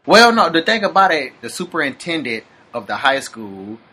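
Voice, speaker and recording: A man's voice: fairly high pitch, big pitch swings, moderate pace, pushed and bright, husky. A man hosting a podcast, talking in loose slangy banter and laughing often. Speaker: podcast host. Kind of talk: casual chat.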